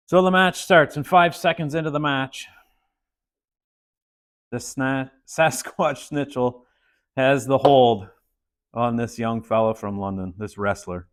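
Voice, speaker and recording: A man hosting a casual joke-telling show, telling a long story with frequent pauses. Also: mid-range voice.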